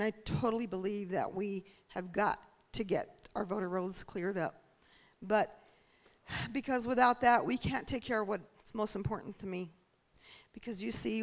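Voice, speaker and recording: A woman's voice: mid-range voice, creaky. A woman giving an earnest, preacherly campaign speech at a town hall, asking the crowd rhetorical questions. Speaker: political candidate.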